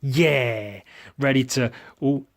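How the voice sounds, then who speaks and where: A man's voice: medium pitch, slow pace. A man hosting a podcast, narrating playfully with lots of swearing and mouth-made sound effects. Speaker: podcast host and miniature painter.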